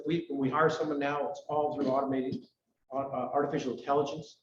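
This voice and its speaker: A middle-aged man from Canada giving a rambling, hurried, self-deprecating talk to his club at a breakfast meeting. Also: medium pitch. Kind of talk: informal members' talk. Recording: roomy, distant, dull recording with faint noise.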